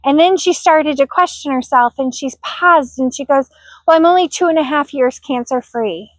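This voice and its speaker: A woman's voice: sits high, moderate pace, no echo. A middle-aged woman telling a personal story to camera, earnest and heartfelt, sometimes moved to tears. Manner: earnest, heartfelt, emotional at times. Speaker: vlogger.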